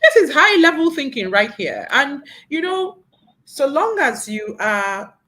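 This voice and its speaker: A woman hosting an interview show, effusive and animated, laughing often as she talks. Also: high-pitched, unhurried, low-quality recording. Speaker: talk show host.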